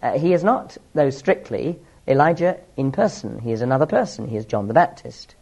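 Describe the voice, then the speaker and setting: A man's voice: mid-range voice, expressive, fairly quick, darkish tone. A man teaching through a Bible passage, explaining each verse with asides and small laughs.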